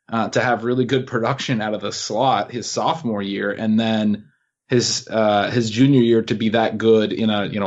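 A man co-hosting a fantasy football podcast, giving a measured, stat-heavy player breakdown. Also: lowish voice, slightly rough. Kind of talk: casual podcast analysis. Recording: muffled lo-fi audio.

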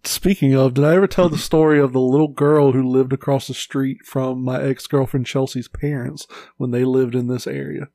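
Laid-back young man, mid-pitched and dry. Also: fairly even intonation, normal speed, creaky, warm tone, dry recording. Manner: laid-back, joking and swearing, laughs often. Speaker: podcast co-host. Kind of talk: casual chat.

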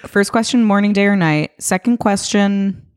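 A woman's voice: mid-range voice, moderate pace. A woman co-hosting a podcast in casual, joking chat, reading out listener emails. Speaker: podcast co-host.

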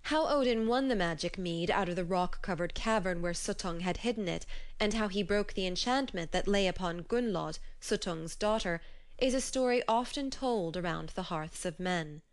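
A woman narrating a myth in a measured storybook reading, slowing on key phrases. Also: lowish voice.

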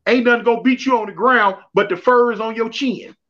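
A man's voice: extremely high pitch, a little fast. A man telling prison stories in slangy, repetitive street talk on a livestream call. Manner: slangy, repetitive, animated storytelling. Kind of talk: casual livestream storytelling. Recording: dull lo-fi livestream audio.

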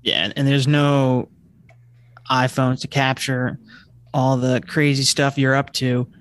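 A man's voice: medium pitch, little pitch movement, slow pace, clear, resonant tone. A man co-hosting a casual podcast chat, laughing easily and poking fun at himself. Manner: laughs easily, self-deprecating. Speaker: podcast co-host.

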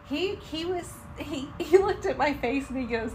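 A bubbly woman from North Carolina recounts her trip in an easygoing podcast chat. Her voice sits a little high, and she laughs often and acts out what people said. A faint hum of room sound sits underneath. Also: normal speed. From Charlotte, North Carolina, USA. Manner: animated storyteller, acts out quotes, laughs often. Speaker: podcast co-host. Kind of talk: casual travel recap chat.

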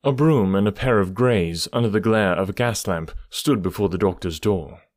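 A man narrating an audiobook chapter in a steady, even storytelling manner. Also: on the low side, moderate pace, dry recording, studio quality. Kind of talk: scripted narration.

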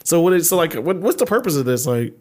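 A man's voice: fairly high pitch, big pitch swings, fast, a little mellow. A man from the Baltimore area co-hosting a podcast in loose, profane casual chat, laughing often. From Baltimore area, USA. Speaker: podcast co-host.

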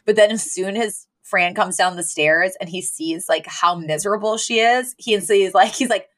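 A woman's voice: mid-range voice, normal speed, hardly any pauses. A woman co-hosting a podcast, recapping an episode in casual chat and acting out the characters' lines as she goes. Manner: animated retelling, mimics characters' lines. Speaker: podcast co-host.

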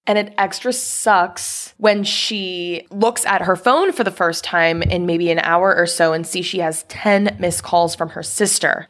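Brief: woman co-host, lowish voice, steady, matter-of-fact plot summary. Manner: steady plot narration, laughs along. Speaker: podcast co-host. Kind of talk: casual film recap chat.

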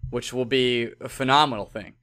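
A man's voice: mid-range voice, steady tone, brisk, fairly bright tone, clean tone. A man co-hosting a casual sports podcast, joking around and tripping over names as he reads. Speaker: podcast co-host. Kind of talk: casual chat.

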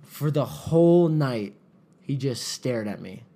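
A man's voice: medium pitch, takes it slowly. A man telling a story in casual chat as a podcast co-host, acting out the voices of the people in it and saying "like" a lot. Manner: animated, acts out quoted voices, frequent "like".

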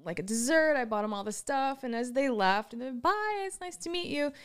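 A woman's voice: high voice, animated, brisk, smooth. A woman from Wisconsin, co-hosting a casual podcast, telling a story in a chatty, giggly way with many restarts. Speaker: podcast co-host.

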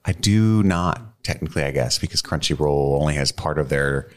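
A man's voice: extremely low pitch, normal speed. A man hosting a podcast in casual chat, rambling and self-mocking with frequent laughter. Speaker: podcast host.

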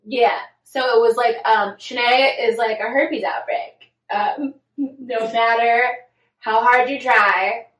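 This young woman, a podcast co-host, takes her time in a slightly high, fairly bright voice with fairly even intonation while casually recapping gossip and acting out quotes. She is far from the mic, a bit off-axis, in an echoey room.

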